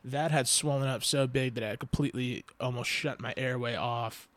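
A man's voice: mid-range voice, fairly even intonation, moderate pace, a bit bright, no room sound. A young man hosting a podcast, telling a long story casually, with lots of fillers and frequent swearing. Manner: rambling storyteller, swears often, many fillers. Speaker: podcast host. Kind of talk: casual chat.

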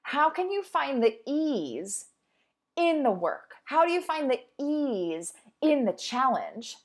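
A woman's voice: high-pitched, very animated, slow pace. Upbeat woman giving motivational talk. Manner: upbeat, encouraging, conversational with acted-out inner voices. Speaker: podcast host and fitness instructor. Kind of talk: motivational monologue.

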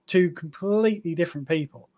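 A man's voice: a little high, fairly quick, darkish tone. A man chatting as a podcast guest, enthusiastic and rambling, with plenty of fillers. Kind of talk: casual chat.

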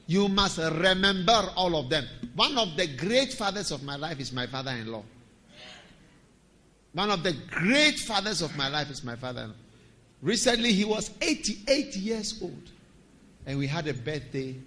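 A middle-aged man, preaching a sermon as pastor, emphatic and sometimes shouting. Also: fairly high pitch.

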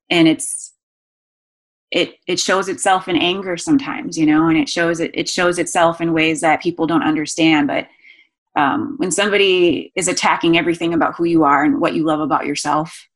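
A woman in her thirties, a guest speaking earnestly and emotionally, halting often with fillers and restarts. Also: fairly low pitch, a bit bright. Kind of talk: candid conversational interview.

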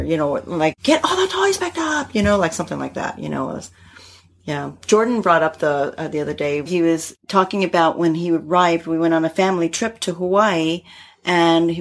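A middle-aged woman talking casually as a podcast guest. Her voice sits a little low with a faint husky edge. She tells stories in an animated way and laughs often. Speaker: guest, integrative therapist. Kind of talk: casual conversation.

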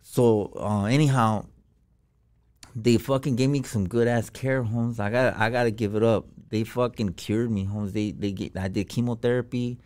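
Man, podcast guest, casual storytelling, slangy, swears a lot, lots of fillers, middle pitch. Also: fairly even intonation, moderate pace, darkish tone. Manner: slangy and profane, full of fillers.

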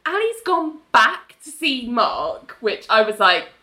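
Lively, bright-voiced woman podcast host. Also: fairly high pitch, takes it slowly. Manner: animated retelling, acting out characters' lines with laughs. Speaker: podcast co-host recapping a show. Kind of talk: casual chat.

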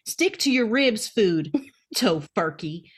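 A woman's voice: medium pitch, expressive, takes it slowly, husky. A woman putting on a bossy Southern mama. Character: older Southern mother, fussy and opinionated.

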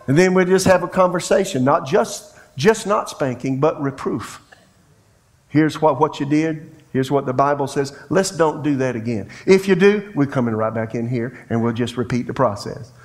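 Folksy middle-aged preacher, storytelling. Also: male voice, fairly high pitch, normal speed. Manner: folksy storytelling preacher who acts out dialogue. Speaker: pastor. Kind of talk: sermon.

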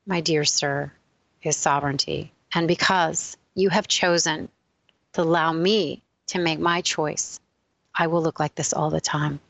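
A woman voicing a proud, wise noblewoman in a retold legend, speaking in a measured, composed way. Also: low-pitched, fairly even intonation, vocal fry, fairly bright tone, dry recording, exaggerated voice. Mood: calm, assured. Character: proud hag-turned-beauty noblewoman, calm and wise.

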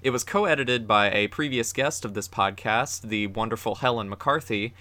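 A man's voice: on the low side, normal speed, bright, forceful tone, no echo. A man co-hosting a podcast about anime, chatting casually and upbeat as he plugs the show. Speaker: podcast co-host.

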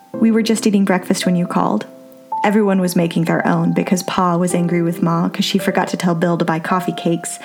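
A woman's voice: on the low side, a little mellow. A woman reading old letters aloud in a tender, earnest way. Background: faint instrumental music.

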